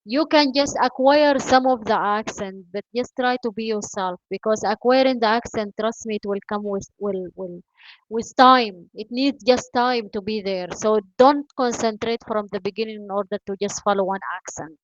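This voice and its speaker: A woman whose first language is not English, teaching an online English class by video call, encouraging and filling pauses with "you know" and "uh". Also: mid-range voice, no room sound. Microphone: video call mic. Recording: dull lo-fi video call audio.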